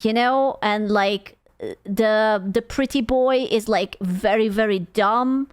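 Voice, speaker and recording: A woman's voice: fairly high pitch, takes it slowly, clear, resonant tone, no echo, studio quality. A woman streamer casually reacting to a video, rambling, stumbling over words and swearing freely.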